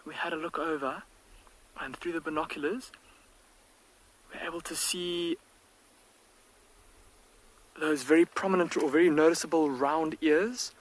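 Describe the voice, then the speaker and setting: A man working as a field guide, giving hushed, excited live wildlife commentary outdoors from a safari vehicle, with the mic close to his face. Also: fairly high pitch, a little slow, pauses often, rough recording. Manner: hushed, near-whispered, excited.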